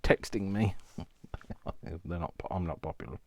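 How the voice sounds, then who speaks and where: A man's voice: low voice, normal speed. A man vlogging while he does crafts, talking to himself by name in a giggly, rambling way. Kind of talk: casual talk while crafting.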